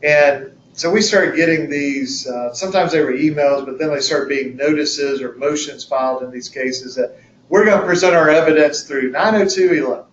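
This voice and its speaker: A man's voice: a little high, moderate pace, a little hiss or hum. A man presenting a legal webinar in a conversational, folksy way, acting out courtroom examples as he explains the rules. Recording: echoey room, distant mic, dull lo-fi.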